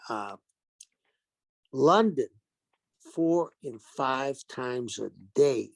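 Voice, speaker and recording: An older man, a retired pro wrestler, telling animated stories in an interview and acting out the quotes. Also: mid-range voice, drawn-out words, vocal fry, no echo. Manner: animated anecdotes with acted-out quotes. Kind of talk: storytelling interview.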